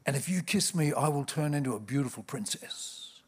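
A man's voice: medium pitch, expressive, fairly quick, breathy edge, pitched below the performer's own voice. A man voicing a small, boastful male talking frog in a joke told in a sermon, insistent and growing pushy. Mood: coaxing.

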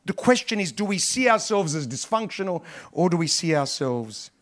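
A middle-aged man preaching a sermon as pastor, emphatic and repetitive, swinging between loud stresses and soft asides. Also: sits high, very animated, normal speed.

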